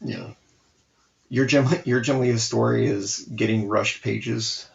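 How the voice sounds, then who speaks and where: A man in his forties, a comic artist hosting a live art stream, telling animated, profane stories in casual chat. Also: mid-range voice, takes it slowly, creaky, muffled recording, a little hiss or hum.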